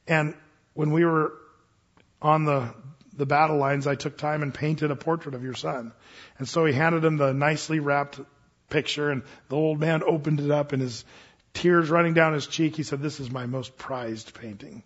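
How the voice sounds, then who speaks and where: A male pastor tells a story from the pulpit with earnest, animated delivery and many restarts. His voice is husky and sits a little high. The recording sounds dull and lo-fi. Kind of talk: sermon storytelling.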